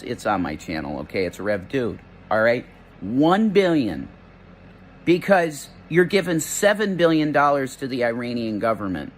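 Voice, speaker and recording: A man's voice: medium pitch, slight background noise. A man ranting indignantly to the camera, stammering and rambling. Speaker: online commentator. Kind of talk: ranting vlog address.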